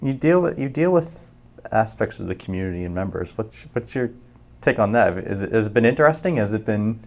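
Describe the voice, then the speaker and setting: A man hosting a podcast, asking questions in a halting way and restarting them often. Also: fairly low pitch, lively intonation, creaky. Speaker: podcast host. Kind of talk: casual interview chat.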